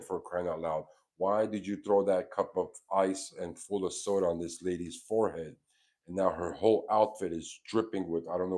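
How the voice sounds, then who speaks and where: A man with a very low, deep voice tells a story as a casual rant. He is animated and indignant, and he sounds like he is venting to his viewers. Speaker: vlogger.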